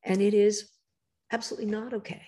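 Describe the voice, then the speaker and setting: A woman author as a podcast guest, talking casually but emphatically, lecturing in quick bursts, her voice rough in the morning. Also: mid-range voice, flat delivery, warm tone. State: morning voice, throat clearing.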